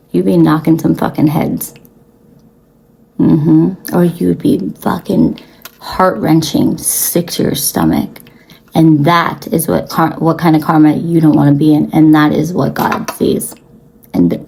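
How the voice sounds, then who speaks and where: A woman's voice: on the low side, gravelly, dark tone, slightly rough, low-quality recording. A young woman giving blunt, profane spiritual advice to her viewers, talking casually with lots of fillers. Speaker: spiritual reader.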